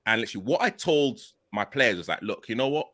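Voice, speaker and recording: A man with a mid-range, fairly bright voice talks fast and animatedly while hosting a casual video chat. He's enthusiastic and keeps repeating "literally" and "like."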